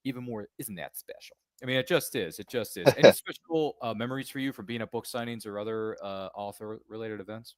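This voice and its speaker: A man's voice: lowish voice, brisk, few pauses, a crowd in the background. A man hosting an interview podcast, casual and playful, fond of puns and jokes. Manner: playful, jokey, punning. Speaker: podcast host.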